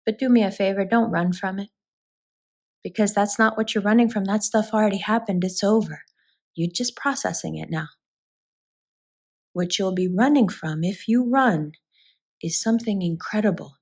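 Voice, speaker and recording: A woman's voice: mid-range voice, normal speed, long pauses, a little mellow. A woman giving a spoken tarot reading, talking straight to her viewers in an earnest, reassuring way. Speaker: tarot reader.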